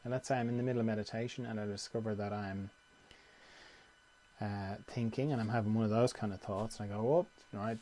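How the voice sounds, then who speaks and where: A man teaching meditation in a calm, conversational way, often repeating phrases. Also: fairly low pitch, a little fast, slight background noise. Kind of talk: guided meditation talk.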